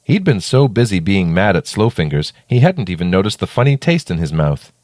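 A man narrating a children's story in a playful, expressive way. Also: sits low, brisk, no echo, clean studio sound.

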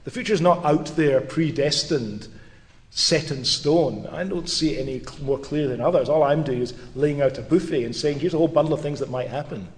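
A brisk, middle-aged man delivers a public lecture at a quick clip, his voice a touch higher than most men's. He tells stories with lively asides. The sound carries the long echo of a lecture hall.

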